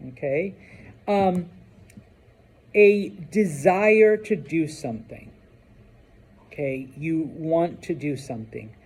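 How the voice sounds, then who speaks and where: A man teaching a Spanish class in a classroom, chatty and relaxed, checking in with "okay?" again and again. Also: on the high side, slow pace, pauses often, slightly rough. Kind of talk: classroom lesson.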